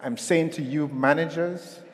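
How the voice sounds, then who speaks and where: A man's voice: on the high side, measured pace, big-room sound. A man giving a motivational keynote at a conference, telling a story and calling on the audience to respond. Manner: animated, storytelling, calls on the audience. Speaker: keynote speaker. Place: hotel conference hall.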